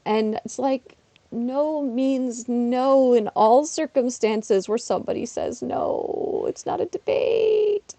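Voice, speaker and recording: A woman's voice: sits high, slow pace, no room sound. Chatty woman streaming a mobile game. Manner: chatty, self-deprecating, excitable outbursts. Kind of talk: casual livestream chat while gaming. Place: her apartment.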